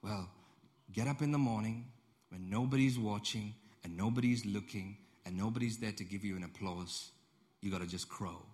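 Low-voiced storytelling pastor. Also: male voice, moderate pace, a little mellow. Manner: conversational storytelling, repeats phrases, asks the audience questions. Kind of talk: sermon.

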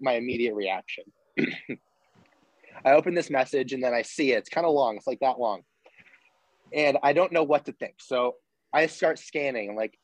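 A young man of middle pitch recounting his story as a podcast guest, animated and loose, peppering his talk with swearing and "like." The mic sound is dry and close. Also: no echo, poor audio. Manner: animated, swears freely, many restarts and "like"s. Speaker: podcast guest, former college football walk-on. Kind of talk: casual interview storytelling.

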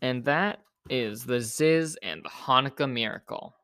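A male storyteller reads a children's picture book aloud, gentle and expressive, in a mid-range voice at a measured pace.

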